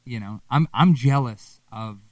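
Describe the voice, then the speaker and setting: A young man from Wisconsin chats as a guest musician, loose and easygoing, with swear words and lively stories. He sits back from the mic in a dry, dead room. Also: medium pitch, measured pace, dry recording, far from the mic. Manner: laid-back, swears freely, animated storytelling. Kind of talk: casual interview chat.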